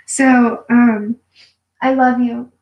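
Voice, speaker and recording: A woman chatting on a live home video, telling personal stories and giving pep talks. She talks in a blunt, profane, animated way and laughs often. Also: fairly high pitch, extremely slow, lo-fi sound. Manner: emphatic pep-talk delivery. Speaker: vlogger. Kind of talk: casual live-stream storytelling. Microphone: phone or webcam for a live video.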